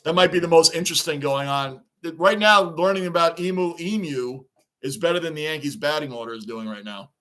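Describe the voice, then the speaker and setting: High-voiced man reacting live to baseball. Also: a little fast, fairly bright tone. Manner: chatty, reads viewer comments aloud, frustrated fan. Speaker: live stream reaction host. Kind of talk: casual live reaction commentary.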